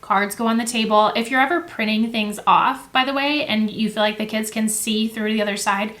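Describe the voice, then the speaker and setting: Chatty woman teacher, slightly high voice. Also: steady tone, a little fast, fairly bright tone. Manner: friendly and chatty, with filler words and self-corrections. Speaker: teacher and education video host. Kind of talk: casual instructional explanation. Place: indoors at a table with materials. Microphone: camera close to the table.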